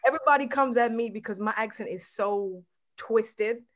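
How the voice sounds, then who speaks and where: A woman's voice: fairly high pitch, normal speed. A woman from England with a British accent mixed with American, a guest singer chatting casually in an interview and telling stories.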